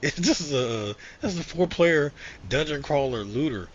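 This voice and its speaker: A man co-hosting a casual gaming podcast, animated and profane, often slipping into quoted character voices. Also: on the high side, measured pace, highs cut off. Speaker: podcast co-host.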